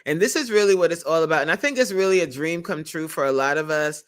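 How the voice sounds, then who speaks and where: A woman's voice: sits low, animated, fast talker. A woman hosting a casual livestream, chatty, laughing often and reading viewer comments aloud. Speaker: livestream host and creator coach.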